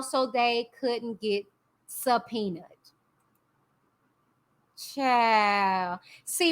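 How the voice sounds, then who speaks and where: On a casual live stream, a woman reads a court document aloud in a high, pushed, bright voice. She keeps stopping to chat with viewers and responds with long, drawn-out hums.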